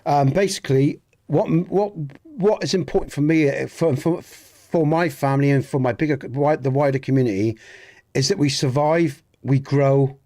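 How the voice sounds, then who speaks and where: A middle-aged English man from the southwest with a clear Dorset accent. He talks casually and earnestly to his live-stream audience, trailing off and restarting, and breaks off to greet viewers in the chat. His voice sits at an average pitch. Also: moderate pace, mellow. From southwest England. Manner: rambling and earnest, many restarts, speaks to chat by name. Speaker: gaming streamer.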